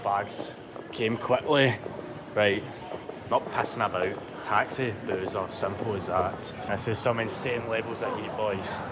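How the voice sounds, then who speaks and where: A man's voice: on the low side, fairly even intonation, measured pace. A Scottish man filming a casual travel vlog, swearing freely and calling out to his viewers as boys and troops. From Scotland. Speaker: travel vlogger. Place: outdoors on busy city streets and in bars. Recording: phone audio with loud crowd and music. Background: crowd noise and music.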